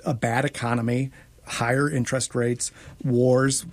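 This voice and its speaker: A man's voice: medium pitch, level tone. A man on a political discussion panel who rambles through fillers before reaching his point. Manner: rambling, many fillers, slow to land.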